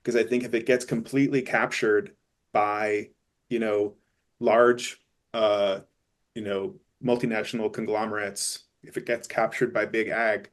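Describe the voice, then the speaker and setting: A man on a webinar panel, thinking aloud in a halting, thoughtful way with many restarts. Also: on the low side, little pitch movement. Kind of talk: casual conversational talk.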